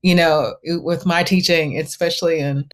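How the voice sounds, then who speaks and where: A woman's voice: fairly low pitch, steady tone, moderate pace. Earnest woman podcast host. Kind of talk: conversational interview.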